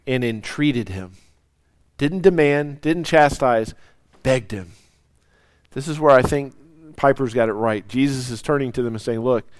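A man preaching a sermon, swinging from loud, soaring lines down to near whispers. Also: medium pitch, no room sound. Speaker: pastor.

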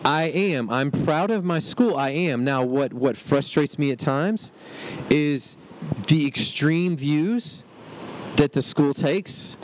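A man co-hosting a casual podcast, animated and teasing as he argues with his friend while riding in a vehicle. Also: a little high, slow. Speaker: podcast co-host. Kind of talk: casual chat. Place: moving vehicle. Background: road noise.

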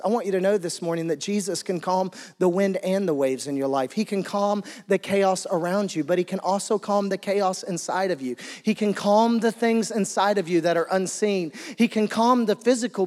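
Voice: medium pitch, darkish tone. Earnest preacher in a reverberant hall. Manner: earnest, repetitive preaching with restarts. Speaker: pastor. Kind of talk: sermon.

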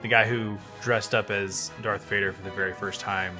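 A man's voice: on the low side, fairly even intonation, normal speed, over music. A man co-hosting a casual fan podcast, sharing trivia in a jokey, enthusiastic way. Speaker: podcast co-host.

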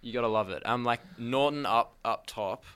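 Bright-voiced Australian man with a sore throat. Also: medium pitch, normal speed, clear, resonant tone. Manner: enthusiastic, jokey fan talk. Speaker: podcast co-host. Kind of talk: casual chat.

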